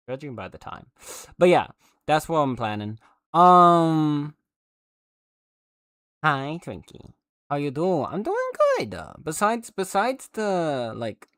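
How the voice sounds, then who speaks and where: Chatty male game streamer, middle pitch, rambling fillers, dry close mic. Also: a bit bright, dry recording. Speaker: livestreamer. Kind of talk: casual livestream chat.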